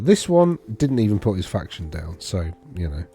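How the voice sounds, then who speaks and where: A wargaming video host talks casually through tournament data on his shared screen, rambling and correcting himself as he thinks aloud. His deep, warm voice is very animated and creaky, moving at a moderate pace with hardly any pauses, over soft background music.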